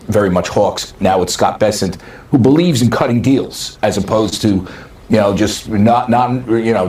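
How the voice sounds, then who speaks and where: Lowish male news guy, sure of himself, echoey far-off clip sound. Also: darkish tone. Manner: confident, insider tone. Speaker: business reporter. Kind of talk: played news commentary clip. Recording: roomy, distant clip audio.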